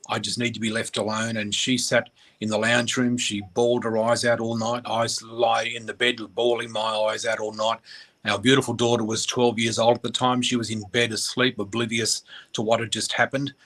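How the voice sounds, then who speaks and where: Man, husky voice, flat monotone delivery, halting and emotional, radio guest interview. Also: mid-range voice. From Australia. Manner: emotional, halting, many fillers and restarts. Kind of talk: candid personal storytelling.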